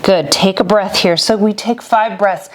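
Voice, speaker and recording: A young adult woman leads a beginner yoga class at an unhurried, deliberate pace. She calls out each inhale and exhale with calm, step-by-step cues. Her voice sits in an ordinary middle pitch. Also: a little hiss or hum. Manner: calm step-by-step cueing with breath counts. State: a little out of breath at times. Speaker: yoga instructor. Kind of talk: guided yoga class instruction.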